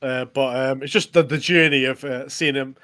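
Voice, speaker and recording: A man's voice: medium pitch, steady tone, moderate pace, fairly bright tone. A young man co-hosting a podcast, retelling scenes in a rambling, laughing casual chat. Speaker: podcast co-host.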